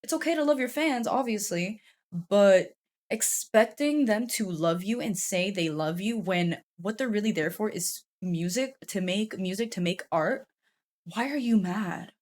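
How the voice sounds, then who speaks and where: A woman's voice: mid-range voice, unhurried, a little mellow. A woman YouTube commentator giving casual, chatty commentary, swearing freely and laughing often.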